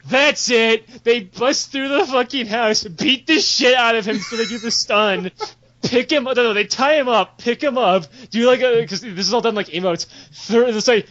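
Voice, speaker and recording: A man with a high, bright voice tells a crude story in a loose, excitable, laughing way. The sound is a bit dull and lo-fi. He talks as a podcast host. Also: normal speed. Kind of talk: casual comedic storytelling.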